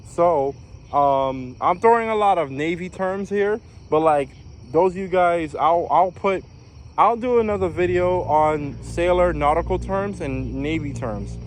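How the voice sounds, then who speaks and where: A young man tells a personal story in a casual, rambling way, often repeating phrases. His voice sits a little high. He is recorded outdoors, with faint insects and outdoor noise behind him. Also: a little slow. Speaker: vlogger.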